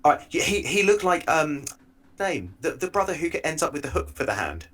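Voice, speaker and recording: A man's voice: fairly high pitch, big pitch swings, fairly quick, a bit bright. A man in his thirties co-hosting a podcast in casual chat, telling stories with dry asides and frequent restarts. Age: 30s. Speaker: podcast co-host.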